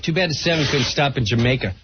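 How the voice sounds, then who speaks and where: A man co-hosting a radio talk show, mocking loudly and laughing between crude jokes. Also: mid-range voice, lively intonation. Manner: loud, mocking, quick to laugh. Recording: muffled radio broadcast, faint hiss.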